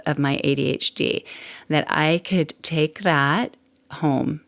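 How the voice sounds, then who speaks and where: Low gravelly lady rambling thru a solo podcast, laughs a lot, middle-aged. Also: slow pace, a bit bright. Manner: chatty and candid, laughs often, rambling asides. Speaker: podcast host. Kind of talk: casual solo podcast monologue.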